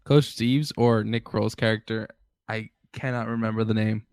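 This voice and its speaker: A man co-hosting a podcast in casual chat, laid-back and profane, with halting restarts. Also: on the low side, fairly even intonation, darkish tone, dry recording, studio quality. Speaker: podcast co-host.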